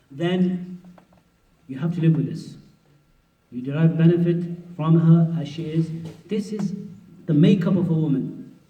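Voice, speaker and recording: A man delivers a religious workshop lecture in a loose, humorous way, often slipping into the voices of husbands and wives. His voice is fairly high for a man yet dark and mellow in tone. He is captured from a distance in a reverberant hall, and the sound comes across dull. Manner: conversational and humorous, acting out spouses' voices. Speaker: mufti teaching a marriage workshop. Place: mosque hall at a conference.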